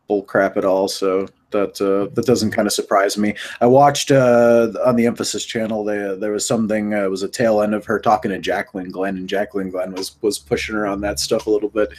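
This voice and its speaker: A man with a lowish voice talks as a guest in a casual online chat. He sounds easygoing, chuckling often and hedging his points with "I mean" and "you know.". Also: steady tone, fairly quick. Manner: easygoing, laughs, hedges with "I mean". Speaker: podcast guest.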